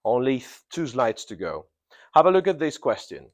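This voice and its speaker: A man leads a classroom grammar lesson, his pitch climbing and dropping with lively emphasis. He drills key words over and over and keeps checking on the class with a quick "yeah?" His voice sits at a middling pitch. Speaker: English teacher.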